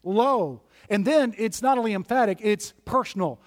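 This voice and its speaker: A man with a high voice preaches a sermon in an emphatic, list-driven way. His words ring out with a long reverb from the church sanctuary around him. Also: expressive, normal speed. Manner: emphatic preaching with repeated lists. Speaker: pastor.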